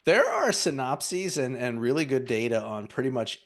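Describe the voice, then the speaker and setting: A man co-hosting a casual chat, speaking in a measured way with frequent umms. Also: medium pitch, very animated, crowd noise. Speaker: co-host.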